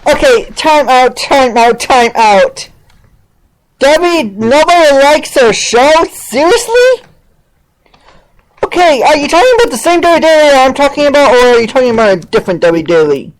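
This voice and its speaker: High-voiced sarcastic woman host. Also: lively intonation, moderate pace, rough recording. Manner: mocking, sarcastic, exclaiming. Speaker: podcast host. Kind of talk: ranting commentary on a played clip.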